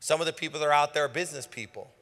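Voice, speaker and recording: Racing through a rousing sermon full of call-and-response, a male pastor speaks in a slightly high, fairly bright voice. A stage microphone picks him up in the church sanctuary, and the hall adds a long reverb.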